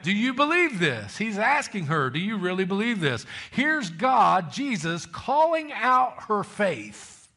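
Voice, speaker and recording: Bright-voiced male preacher, emphatic. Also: high-pitched, sing-song, a little slow, hardly any pauses. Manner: emphatic, calls for amens, reads scripture aloud. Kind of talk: sermon.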